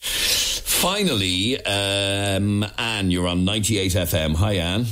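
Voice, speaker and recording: An Irish man hosting a radio phone-in show, chatting in an animated, emphatic, jokey way. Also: fairly low pitch, slow. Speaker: radio talk show host. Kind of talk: casual radio phone-in chat. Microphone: studio microphone.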